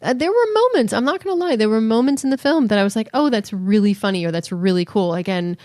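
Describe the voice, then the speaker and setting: A woman's voice: mid-range voice, expressive, quick pace, darkish tone, no echo, clean studio sound. A woman co-hosting a podcast, chatting casually and acting out little quoted voices as she tells stories. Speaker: podcast co-host. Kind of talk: casual chat.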